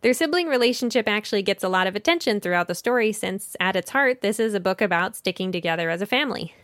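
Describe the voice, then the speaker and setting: A woman's voice: mid-range voice, animated, quick pace, fairly bright tone, dry recording, studio quality. A woman hosting a children's book podcast, summarizing and discussing a story in a conversational way, thinking aloud and correcting herself now and then.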